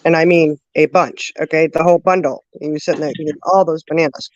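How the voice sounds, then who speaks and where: Woman telling a rambling laughing story. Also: sits low. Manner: lively, laughing, drawn-out storyteller with many fillers. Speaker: host. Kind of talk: casual storytelling chat. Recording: dull lo-fi dry sound.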